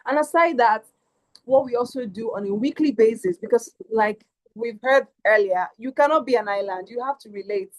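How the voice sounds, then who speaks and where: A woman's voice: a little high, normal speed, low-quality recording. Upbeat woman webinar host. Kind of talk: hosting a webinar.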